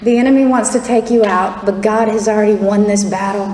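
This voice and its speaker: A woman's voice: mid-range voice, steady tone, brisk, dark tone. Fervent woman in an echoey hall. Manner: candid, laughing, fervent. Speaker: testimony speaker. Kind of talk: personal testimony talk. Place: large hall before an audience. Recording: echoey hall with faint crowd and noise.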